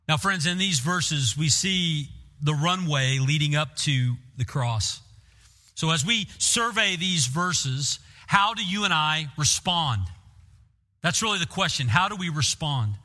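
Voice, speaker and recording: A man's voice: a little high, expressive, unhurried, bright, forceful tone. A man preaching a sermon as pastor, earnest and putting questions to his listeners. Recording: long reverb in a large hall.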